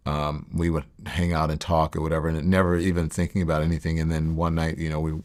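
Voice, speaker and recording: A middle-aged man telling his life story in a sit-down interview, reflective and halting, with many fillers and restarts. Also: a bass voice, flat delivery, darkish tone. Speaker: interview guest.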